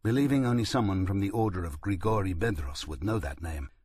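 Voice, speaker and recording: A man narrating a first-person audiobook in a steady, reflective manner. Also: low-pitched, a little fast, slightly rough, no room sound.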